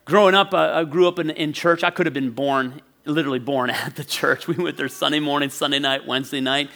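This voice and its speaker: A man in his forties preaching a sermon as pastor, telling a childhood story in a lively way and laughing often. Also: a little high, a little fast, creaky. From northwestern Pennsylvania.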